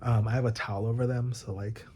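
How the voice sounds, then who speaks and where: A man's voice: medium pitch, flat delivery, quick pace, mellow, a little hiss or hum. Rambling young man vlogging casually. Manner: rambling, swears often, many likes. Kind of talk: casual chat to camera.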